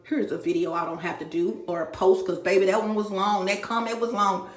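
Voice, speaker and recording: A woman's voice: medium pitch, steady tone, brisk, reverberant. A middle-aged woman from Dallas, Texas, ranting in a profane, rambling vlog recorded at home. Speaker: YouTuber. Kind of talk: emotional vlog rant. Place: home room.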